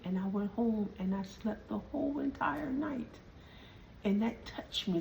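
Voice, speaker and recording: A woman hosting a motivational podcast, telling a personal story and slowly repeating her questions for emphasis. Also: fairly high pitch, dark tone. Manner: slow, emphatic repetition of questions. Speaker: podcast host. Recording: distant mic with faint background noise.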